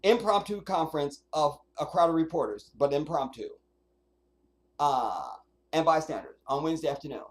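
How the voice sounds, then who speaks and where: A livestream host giving commentary in a sarcastic voice, mockingly reading quotes aloud word by word. The delivery swings up and down a lot in pitch. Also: lively intonation, moderate pace. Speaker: streamer host.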